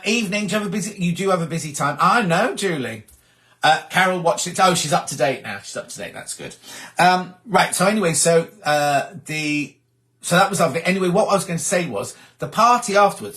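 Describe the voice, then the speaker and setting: A man's voice: fairly high pitch, fairly bright tone. A middle-aged man hosting a casual live chat, rambling and gossipy as he reads out viewer messages. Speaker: host.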